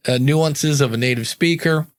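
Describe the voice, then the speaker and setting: A man's voice: a little high, moderate pace, dry recording. A man hosting a podcast in casual chat, reading listener comments aloud and riffing on them. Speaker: podcast host.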